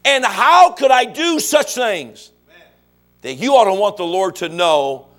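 A middle-aged male pastor preaching a sermon, asking the congregation questions and building to shouted, animated passages. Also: high voice, unhurried.

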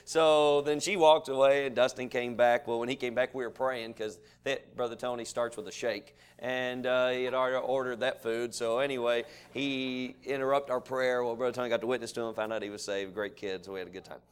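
A man preaching a sermon, telling folksy stories and building to animated preaching. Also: medium pitch, a little fast, hardly any pauses, clear, resonant tone.

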